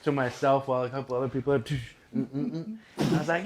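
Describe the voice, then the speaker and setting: A young man of ordinary, mid-range pitch spins a bar story for a podcast. He is loose, profane and quick to laugh, and he slips into the voices of other people as he tells it. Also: fairly even intonation. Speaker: podcast guest. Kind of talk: casual storytelling chat. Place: podcast studio.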